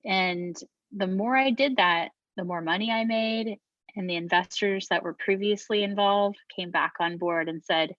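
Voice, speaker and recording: Here a middle-aged woman, a beverage entrepreneur guesting on a podcast, tells her story in a medium-pitched, fairly bright voice at normal speed. She's outspoken, swears freely in a casual way, and often begins her sentences again. The recording has no echo and lacks high frequencies.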